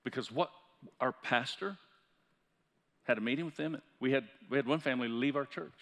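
Bright-voiced man preaching in a church hall. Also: medium pitch, moderate pace. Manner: impassioned preaching, building to loud peaks. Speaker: pastor. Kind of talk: sermon. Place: church sanctuary.

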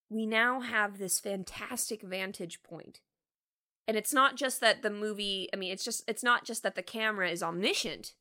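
A woman's voice: medium pitch, bright, forceful tone. A woman co-hosting a podcast, enthusiastically discussing a classic film. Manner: enthusiastic, opinionated, swears. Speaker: podcast co-host.

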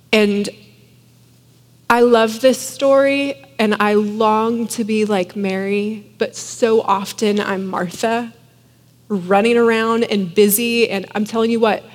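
A woman in her thirties, a mother and Christian speaker, gives an earnest, casual devotional talk packed with "like." Her voice is a little high, and a long reverb tail follows it.

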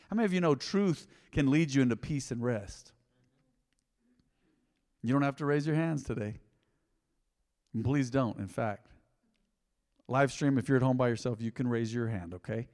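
A middle-aged man preaching a sermon in a church, passionate and emotional, swinging between loud excitement and quiet, earnest talk. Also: mid-range voice, moderate pace, pauses often. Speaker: pastor. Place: church sanctuary. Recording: long hall reverb.

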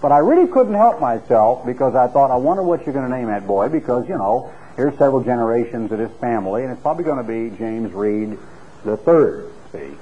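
A middle-aged man preaching a sermon with an earnest, storytelling delivery that climbs in pitch when he stresses a point. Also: lively intonation, brisk, a little hiss or hum. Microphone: clip-on microphone. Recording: tinny phone-like radio recording.

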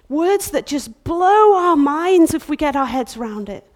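A woman in her thirties preaching a sermon in a church, impassioned, swinging from loud outbursts to hushed whispers. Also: sits high, moderate pace, hardly any pauses.

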